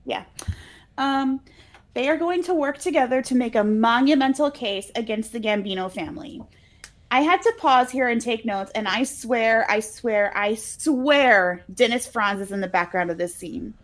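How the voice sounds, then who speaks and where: A woman with a slightly high voice chats through a movie plot in a casual podcast. She tells it scene by scene with easy laughs and brief mock voices for the characters' lines. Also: normal speed. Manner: chatty storyteller, laughs often, quotes scenes with mock voices. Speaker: podcast co-host recapping a movie. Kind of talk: casual chat.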